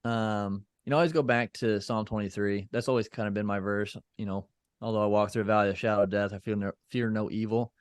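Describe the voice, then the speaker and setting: Low-voiced man, reflective and dry. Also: fairly even intonation, fast, clear, resonant tone, no room sound. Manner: reflective, loose with fillers and restarts. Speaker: podcast guest, entrepreneur. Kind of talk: casual interview chat.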